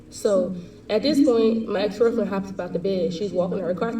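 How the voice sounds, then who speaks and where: Young woman vlogger, storytime monologue, mellow tone, echoey room, mic set back. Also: medium pitch, steady tone, far from the mic. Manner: heated, fast slangy retelling.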